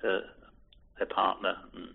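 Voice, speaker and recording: An older man from Liverpool with a faint Liverpool accent, recalling his wartime childhood in an oral history interview, halting and repeating words with soft chuckles. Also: low voice, monotone, vocal fry, breathy edge. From Liverpool, England. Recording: tinny phone-like recording.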